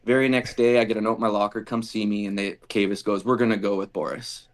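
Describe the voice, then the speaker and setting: A man's voice: fairly low pitch, fast. A man, a guest on a podcast, telling casual stories and acting out the dialogue of the people in them. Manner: animated storyteller acting out quoted dialogue. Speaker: podcast guest, former football kicker. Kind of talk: casual storytelling interview.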